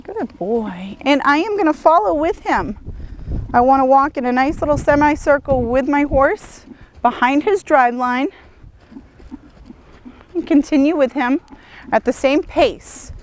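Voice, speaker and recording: Calm woman horse trainer, slightly high. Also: a little slow, pauses often, a little hiss or hum. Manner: calm, encouraging, praises the horse often. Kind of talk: instructional demonstration. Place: outdoors at a horse arena.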